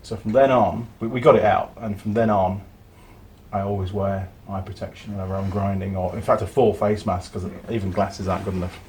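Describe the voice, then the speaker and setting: A man's voice: deep voice, steady tone, a little fast, a little mellow, a little hiss or hum. A man hosting a mechanics channel, telling a story in casual workshop chat and swearing now and then.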